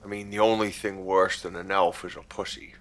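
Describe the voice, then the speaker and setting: A man voicing a gruff, nervous male brawler who swears bluntly. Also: deep voice, little pitch movement, fairly bright tone, pitched below the performer's own voice. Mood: warning. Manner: blunt, swears, slow heavy delivery.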